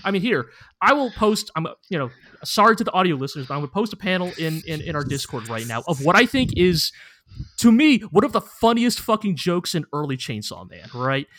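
A man's voice: high voice, very animated, a little fast, a bit bright, dry recording. A man co-hosting a casual podcast chat, talking with enthusiasm and swearing casually. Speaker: podcast co-host.

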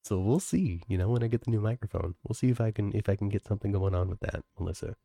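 Over a video call on a home computer mic, a podcast co-host chats casually and laughs often. His voice is fairly low, fast, creaky and warm, and the recording is dry.

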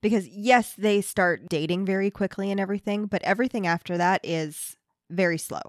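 A woman's voice: medium pitch, brisk, dry recording, clean studio sound. A woman co-hosting a book podcast, chatting casually about a romance novel and often restarting her sentences. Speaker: podcast co-host.

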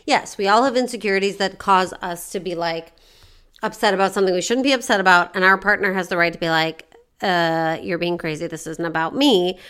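A woman host giving calm, direct relationship advice, reasoning through each point. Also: medium pitch, clean tone. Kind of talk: advice conversation.

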